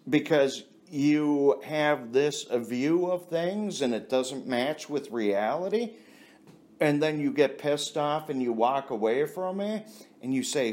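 A man's voice: on the high side, animated, slow pace, darkish tone. A man delivering a casual, blunt ranting monologue, heavy on swearing and laughing at his own stories. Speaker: vlogger.

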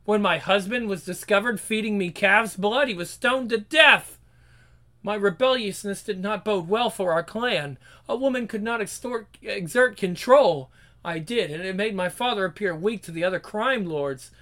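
A man's voice: high-pitched, moderate pace, sharp tone. A man voicing a bitter, defiant woman vampire.

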